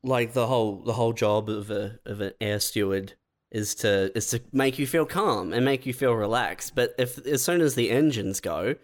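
A young man co-hosting a comedy podcast, tossing in quick, dry, teasing one-liners. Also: mid-range voice. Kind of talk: casual comedic chat.

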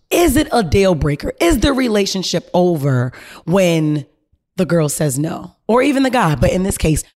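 A woman hosting a podcast, telling a story in a casual, animated way, full of slang and swearing and talking straight to her listeners. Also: on the low side. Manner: animated, slangy and profane, addressing listeners directly. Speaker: podcast host.

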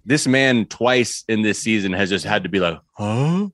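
A man's voice: lowish voice, normal speed, a bit bright, dry recording. A man co-hosting a podcast in casual chat, laid-back and thinking aloud with wry asides. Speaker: podcast co-host.

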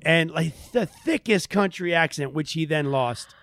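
A man hosting a casual chat, telling a story in an animated way and acting out the voices of people he quotes. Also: fairly high pitch, a little slow, dry recording. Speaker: host.

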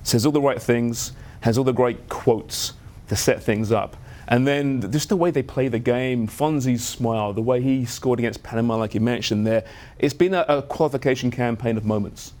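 A man's voice: medium pitch, moderate pace, darkish tone. A man speaking as a soccer analyst on a studio sports panel, earnest and enthusiastic, often restarting his phrases.

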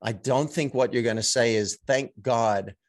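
A man, a coach and actor, telling stories as a podcast guest in a measured, reflective way. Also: mid-range voice, no room sound. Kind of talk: casual interview chat.

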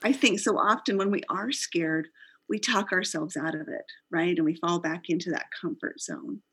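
A woman's voice: lowish voice, moderate pace, a bit bright, breathy edge. A middle-aged woman, a company founder, earnestly telling the story of how her business began in an interview.

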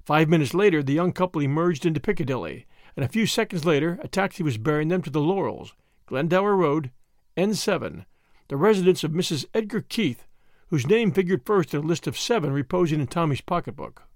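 A man reading a novel aloud as audiobook narrator, with expressive, measured storytelling. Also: a little high, no echo, clean studio sound. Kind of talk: scripted narration.

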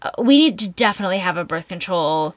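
A young woman co-hosting a podcast, chatting casually and animatedly, opinionated and quick to laugh. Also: lowish voice, animated, no room sound. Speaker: podcast co-host. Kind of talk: casual chat.

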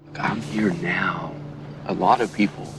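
An actor playing an earnest, weary lawman in a TV drama, with a faint attempted Southern US accent and a quiet, measured delivery. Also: sits low, flat delivery. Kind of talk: TV drama dialogue. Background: music score.

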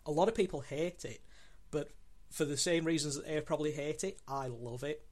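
A man joins a podcast as co-host and talks with eager enthusiasm. His voice sits slightly high, and he often restarts his sentences with ums. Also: steady tone, brisk. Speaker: guest co-host. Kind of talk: casual podcast discussion.

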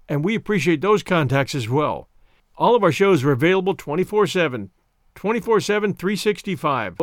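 Animated male podcast host, upbeat sign-off. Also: a little high, dry recording, studio quality. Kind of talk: scripted podcast sign-off and listener shout-outs.

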